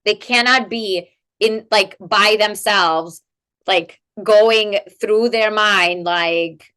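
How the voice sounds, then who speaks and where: Bright-voiced animated woman expert. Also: mid-range voice, very slow, clean tone. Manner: animated, rhetorical "right?" tags, many "like" fillers. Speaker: guest expert in family coaching. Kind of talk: conversational interview explanation.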